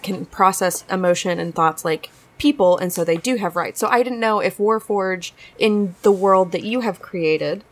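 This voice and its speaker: A woman's voice: medium pitch, moderate pace, few pauses. A woman playing a tabletop game, asking curious, hesitant questions. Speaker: player. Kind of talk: casual tabletop chat.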